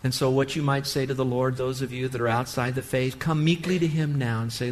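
A man's voice: mid-range voice, steady tone, brisk, hardly any pauses, slight background noise. A man preaching as a pastor, leading an earnest altar call that rises to fervent exhortation. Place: church sanctuary.

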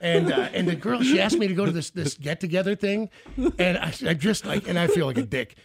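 A middle-aged man from the Kansas City area, hosting a casual chat and telling a story with animated, acted-out quotes. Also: high-pitched, fairly quick, vocal fry. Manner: animated storyteller, acts out quoted voices loudly.

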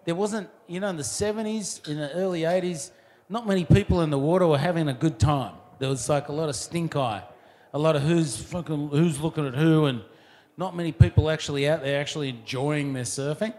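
A man with a slightly high voice talks over old times in a loose, easygoing way. He rambles through his sentences and leans on filler words. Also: brisk. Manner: relaxed, rambling, many fillers. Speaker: surfer looking back. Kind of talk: casual reminiscing.

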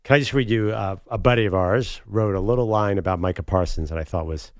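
A man co-hosting a sports talk radio show, animated and quick to argue a point. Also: fairly low pitch, no echo, studio quality.

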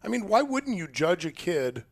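A middle-aged male radio co-host talking in a casual, opinionated way, often tripping over and repeating words. His voice sits a little high and swings up and down a lot. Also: big pitch swings, normal speed, creaky. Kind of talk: casual morning radio banter.

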